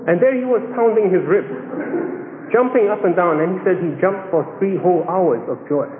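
A man with a high voice tells a sermon story with animated delivery, acting out the people he quotes. The sound is thin and phone-like, caught in a big echoing hall with long reverb. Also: slight background noise. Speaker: preacher. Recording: echoey hall, phone-like band.

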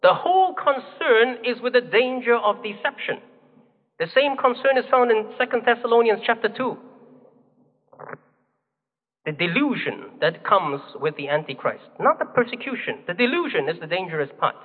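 Male preacher, high-pitched, deliberate and emphatic, recorded in a hall with long echo. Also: animated. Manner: measured, emphatic teaching with rhetorical questions. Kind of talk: sermon. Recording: phone-like, long hall reverb.

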